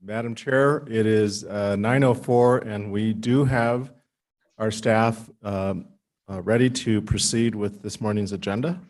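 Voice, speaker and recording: A man working as county manager, giving formal, measured meeting remarks with some fillers. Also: fairly low pitch, steady tone, darkish tone.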